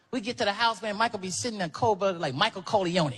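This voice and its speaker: A man telling a stand-up story in loud, animated bursts with profanity. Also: sits high, rapid-fire, hardly any pauses. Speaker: stand-up comedian. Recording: noisy live recording.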